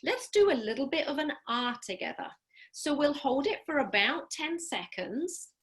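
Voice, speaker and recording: A woman speech-language pathologist leading an online group through voice exercises, upbeat and encouraging, with a clear, deliberate, coaching delivery over a video call. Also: sits high, very animated, fairly bright tone. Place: home, during a live online program.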